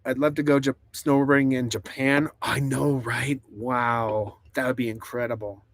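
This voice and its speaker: A man's voice: medium pitch, little pitch movement, normal speed, fairly bright tone, dry recording. A man rambling and laughing through a casual live stream from inside a truck camper, reading chat comments aloud. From United States.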